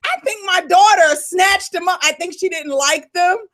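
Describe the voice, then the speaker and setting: A woman coach hosting a live Q&A call, fired up and loud, calling her listeners y'all. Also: very high voice, moderate pace.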